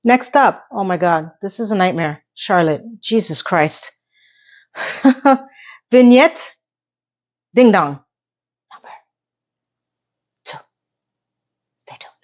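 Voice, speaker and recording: A woman's voice: mid-range voice, lively intonation, slow, long pauses. A woman in a casual TV recap vlog, rambling in a sarcastic, playfully exasperated way. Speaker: TV recap YouTuber. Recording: slightly dull lo-fi audio.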